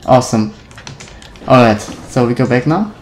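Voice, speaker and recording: A gaming video creator giving nervous let's-play commentary on a horror game, talking to themself and humming la-la to stay calm. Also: mid-range voice, normal speed, slight background noise, rough recording. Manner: nervous, talks to self, hums la-la to calm down.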